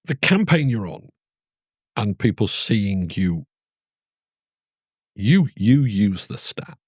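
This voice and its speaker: A male host with a very deep, husky voice asks probing questions, often rephrasing and restarting as he goes. His pitch swings widely as he talks. The sound is close and dry. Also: very animated, slow pace, no room sound. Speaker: podcast host. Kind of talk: interview questions.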